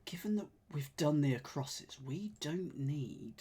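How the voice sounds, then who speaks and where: Slow-talking man with a slight lisp. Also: a little high, animated, mellow, husky. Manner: muttering, sighing, trailing off while puzzling. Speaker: puzzle streamer. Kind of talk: thinking aloud while solving a crossword.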